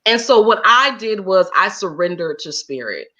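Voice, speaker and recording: A woman guest in an interview, telling her story in an animated, expressive way. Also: mid-range voice, normal speed.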